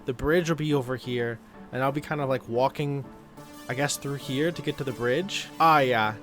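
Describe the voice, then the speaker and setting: A gaming YouTuber offers casual, rambling let's-play commentary while he plays a building game, often correcting himself and getting sidetracked. His voice is mid-range and his pace moderate. Background music plays under the recording.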